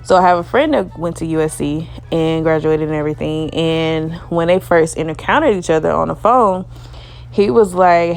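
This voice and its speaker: A woman's voice: fairly low pitch, normal speed, creaky. A young woman from Alabama telling a dating story in a casual, chatty way, leaning on "you know" and laughing often.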